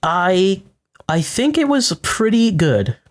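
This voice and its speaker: A man's voice: high-pitched, sing-song, takes it slowly. A man co-hosting a casual podcast, talking hesitantly and searching for words. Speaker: podcast co-host. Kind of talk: casual chat.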